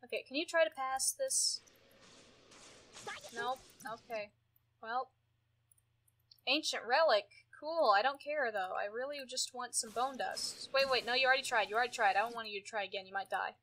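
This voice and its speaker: A woman giving casual gameplay commentary, exasperated and often yelling at her characters. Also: a little high, moderate pace, a little hiss or hum. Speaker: gameplay streamer.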